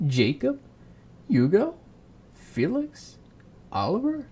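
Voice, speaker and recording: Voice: medium pitch, huge pitch swings, takes it slowly, mellow, slight background noise, pitched above the performer's own voice, full character voice. A reader voicing a worried young queen who pleads earnestly in a storybook read-aloud. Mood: pleading. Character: worried young queen guarding her baby.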